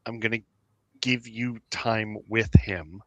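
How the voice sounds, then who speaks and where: A man narrating as game master for a tabletop game, halting and filling pauses as he goes. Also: on the low side, fairly even intonation, dry recording. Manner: halting, full of fillers and restarts.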